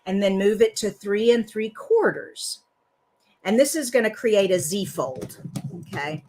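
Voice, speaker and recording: A woman's voice: mid-range voice, lively intonation, a little slow, darkish tone, a little hiss or hum. Woman, craft tutorial host, chatty, rambling, laughs easily. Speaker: card-making tutorial host. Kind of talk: casual live craft tutorial.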